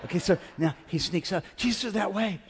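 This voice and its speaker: A middle-aged man preaching a sermon as pastor, animated and calling out to his congregation. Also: high voice, moderate pace, slight background noise. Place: large church auditorium. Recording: reverberant church hall.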